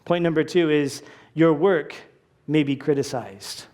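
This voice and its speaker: Pastor, male, high voice, conversational sermon delivery, acts out quoted voices. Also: measured pace, a little mellow.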